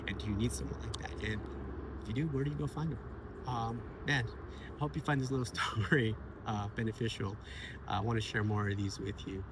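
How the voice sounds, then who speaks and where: A man telling a personal story to camera in a casual, heartfelt way. He is earnest and animated, repeats phrases, and laughs often. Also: mid-range voice, a little fast, noisy background. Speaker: vlogger sharing personal stories.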